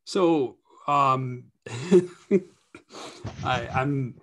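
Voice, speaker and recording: A man hosting a webinar, relaxed and loose with hesitant fillers. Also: mid-range voice, very slow. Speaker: webinar host. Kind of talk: casual conversation.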